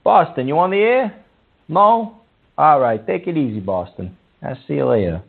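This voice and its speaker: Man, radio host, gravelly, tinny phone sound, exasperated. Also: on the high side, animated, moderate pace. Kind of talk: comedic call-in radio bit.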